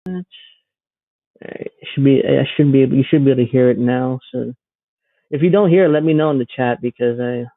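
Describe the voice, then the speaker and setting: A man's voice: medium pitch, brisk, no room sound. Sarcastic guy ranting on a livestream, dry tinny phone-ish sound. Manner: sarcastic, rambling. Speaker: livestream host. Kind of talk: live political commentary.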